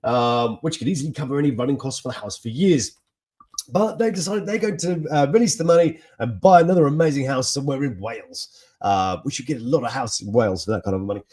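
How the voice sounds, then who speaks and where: A man hosting a casual, jokey news chat with laughing asides and a husky voice. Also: medium pitch, expressive, fast, darkish tone. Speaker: host.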